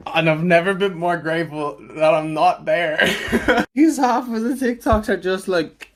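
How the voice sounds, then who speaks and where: A woman's voice: fairly high pitch, unhurried. A woman chatting to camera in a giggly, profane way. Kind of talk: casual chat to camera.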